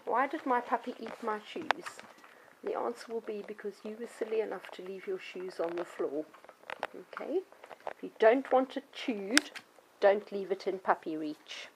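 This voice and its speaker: A woman's voice: medium pitch, normal speed, noisy background. A middle-aged woman and dog trainer patiently explaining to children and parents how to handle a puppy. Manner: clear, patient explaining, acts out yelps and children's voices. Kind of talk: instructional talk to children and parents.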